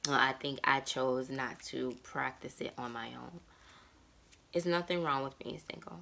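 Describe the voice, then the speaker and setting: A woman's voice: very deep voice, fairly even intonation, a little slow, vocal fry, sharp tone, a little hiss or hum. A woman in her thirties talking candidly and emotionally about her life in a personal vlog monologue. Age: 30s. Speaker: vlogger.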